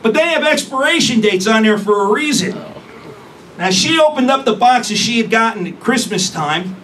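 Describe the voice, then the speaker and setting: A man's voice: extremely high pitch, lively intonation, moderate pace, sharp tone. A man doing a crude, brash stand-up comedy set, recorded on a distant mic with room noise. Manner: brash, crude, punchy delivery.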